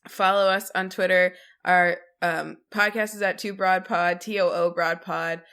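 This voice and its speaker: A woman's voice: on the low side, fairly even intonation, measured pace, fairly bright tone. A woman co-hosting a podcast, sniffly with a cold, laughing as she reads out plugs and contact details. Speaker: podcast co-host. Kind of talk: casual chat.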